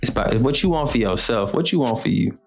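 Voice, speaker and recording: With soft music behind him, a young man hosting a show fires off a blunt motivational monologue, repetitive and full of slang. He talks fast and animatedly in a creaky, mid-range voice.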